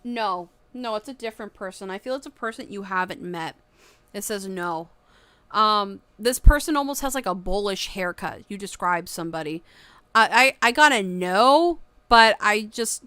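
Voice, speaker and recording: A young woman chats through tarot readings on a livestream, her voice bright and smooth. She rambles loosely with plenty of fillers. She is recorded close on a dry mic. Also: medium pitch, no echo. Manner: rambling, filler-heavy, bursts of excited shrieking laughter. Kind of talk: casual livestream chat.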